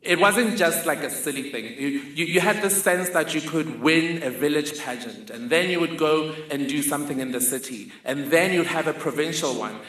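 Man, storyteller with dry humor, bright and a bit high, roomy hall sound. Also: moderate pace, few pauses. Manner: humorous, vivid personal storytelling. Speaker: speaker. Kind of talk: storytelling talk.

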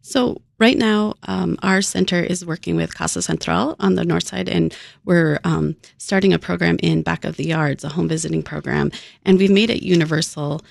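A researcher answering interview questions in a halting way with frequent pauses and ums. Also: medium pitch, steady tone, vocal fry, no room sound, studio quality. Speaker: researcher guest.

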